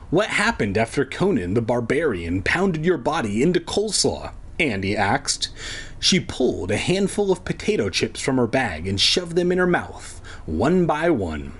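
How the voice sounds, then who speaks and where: A man's voice: medium pitch, slightly rough. A man reading a children's book aloud as a comedy bit, putting on voices for the characters and breaking off into sarcastic, swearing asides. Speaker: podcast host reading a kids' book aloud. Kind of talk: comedic read-along with rambling asides.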